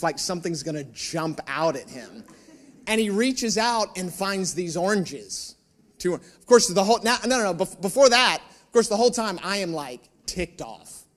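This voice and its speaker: A man preaching a sermon, telling a personal story and acting out the dialogue with humor, asking the audience questions. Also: high-pitched. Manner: animated storyteller, acts out dialogue; joking, addresses audience with questions.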